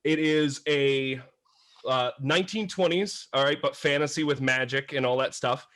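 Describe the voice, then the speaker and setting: A man telling stories in a casual podcast chat, animated and laughing often, acting out voices. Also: mid-range voice, normal speed. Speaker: podcast guest.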